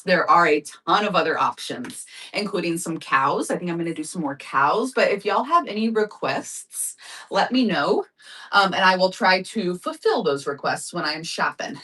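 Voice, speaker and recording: A woman's voice: fairly low pitch, bright, forceful tone, recorded from a distance. A woman hosting a live craft-supply sale, chatting casually and upbeat with viewers. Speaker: live shopping host. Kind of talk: casual live-stream sales chat.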